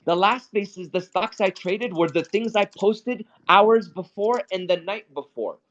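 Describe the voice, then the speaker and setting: A man hosting a casual live trading talk, blunt and profane, who often repeats and restarts his words. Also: a little high. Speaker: stock trading host. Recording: dull lo-fi audio.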